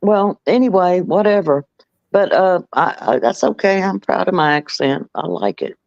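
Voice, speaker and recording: A man's voice: high-pitched, lively intonation, moderate pace, creaky, dry recording, highs cut off. A man with a Southern US accent, chatting casually and telling stories with dry teasing. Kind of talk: casual chat.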